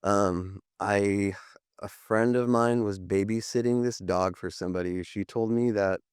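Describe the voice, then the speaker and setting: Speaking a little slowly in a steady, low-ish voice that's darkish and clean, a man in his thirties tells his story as a podcast guest. The interview talk is candid and rambling, with many fillers and restarts, recorded dry at studio quality.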